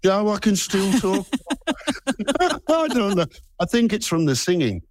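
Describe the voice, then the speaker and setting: A man's voice: high voice, measured pace, dry recording. A man in his sixties with a Birmingham accent, chatting easily as a musician guest in an interview. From Birmingham, England. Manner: relaxed, musing, chuckles at himself. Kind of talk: casual interview chat.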